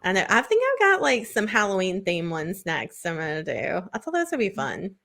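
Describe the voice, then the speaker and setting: A woman, telling a story in casual podcast chat, full of "like" and quick laughs. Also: medium pitch, wildly swooping pitch, creaky, a bit bright. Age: 20s. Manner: chatty storyteller, lots of "like" and laughs. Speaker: podcast co-host.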